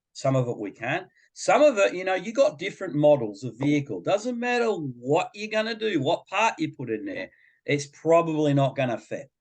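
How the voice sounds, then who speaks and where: Chatting casually as a podcast guest, a middle-aged behaviour coach tells a personal story and imitates the voices of others. He speaks at a moderate pace in a slightly high, sing-song voice.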